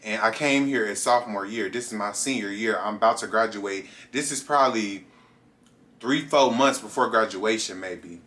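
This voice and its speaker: A bright, forward-sounding young man in his twenties tells a casual storytime to camera. He talks straight to his viewers and keeps it animated, leaping up into high voices whenever he quotes someone. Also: normal speed. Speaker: vlogger.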